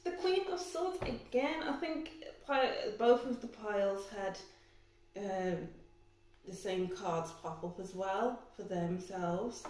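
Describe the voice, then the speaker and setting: A woman's voice: medium pitch, warm tone, slight background noise. A young woman giving a pick-a-card tarot reading, often exclaiming and getting emotional. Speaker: tarot reader. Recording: very echoey room.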